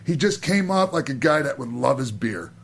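A man hosting an interview, asking the guest about his book in a halting way, with many fillers and restarts. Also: medium pitch, expressive, creaky. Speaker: podcast host and interviewer. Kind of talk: interview questions.

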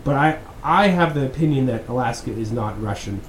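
Recorded in an echoey room with a little background noise, this man hosts a podcast full of sarcastic, profane and exasperated takes on the news. His mid-range voice is expressive and runs a bit fast.

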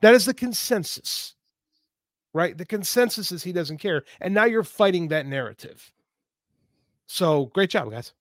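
A man's voice: high-pitched, lively intonation, unhurried, pauses often, a bit bright, dry recording, clean studio sound. A man co-hosting a podcast, giving emphatic, ranting opinions in casual talk. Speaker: podcast co-host.

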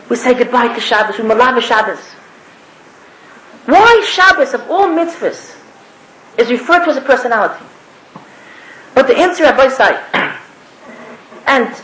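A woman's voice: on the high side, a bit bright, a little hiss or hum. A woman giving a spoken sermon, emphatic and repetitive, asking the listeners rhetorical questions. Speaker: speaker giving a religious talk. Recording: echoey room.

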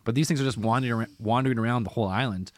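A man's voice: mid-range voice, rapid-fire. A man telling a travel story in casual chat, rambling with many restarts and fillers.

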